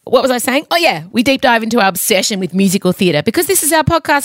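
Talking fast with almost no pauses, this podcast host, a woman in her forties, has a slightly high, animated voice. Her casual chat is candid, full of free swearing and frequent emotion, captured on a studio microphone.

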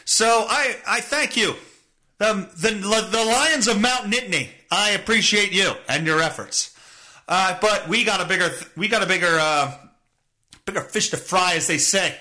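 A man's voice: sits high, bright, forceful tone. A man in his thirties hosting a solo podcast, rambling, sarcastic and full of swearing. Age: 30s. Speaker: podcast host. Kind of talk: casual solo podcast rant.

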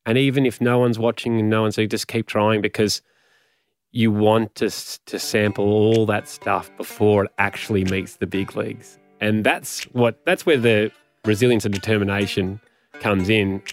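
A man in his forties with an Australian accent, telling animated anecdotes as a guest and laughing often. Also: on the low side, moderate pace, faint music behind. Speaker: radio and podcast host, guest. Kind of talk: casual storytelling.

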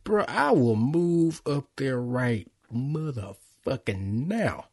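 A man's voice: mid-range voice, animated, takes it slowly, breathy edge. A man co-hosting a casual podcast chat, joking and laughing often as he steers the talk. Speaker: podcast co-host.

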